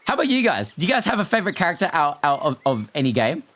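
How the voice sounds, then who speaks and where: Animated, chatty young-sounding streamer guy. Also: fairly high pitch, rapid-fire. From not American. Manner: animated, chatty, reads chat aloud. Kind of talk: casual livestream chat with viewers.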